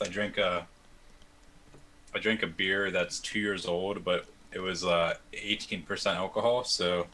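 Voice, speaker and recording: A man's voice: deep voice, lively intonation, measured pace, pushed and bright, slight background noise. A man chatting casually with fellow players during a virtual tabletop game, laid-back and joking. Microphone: home microphone on a video call.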